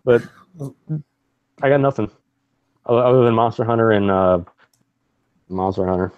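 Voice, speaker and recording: Man, lowish voice, rambling and cursing, casual podcast chat, dry muffled audio. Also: normal speed, clean tone, no room sound. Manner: rambling, swears often, laughs a lot. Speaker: podcast co-host.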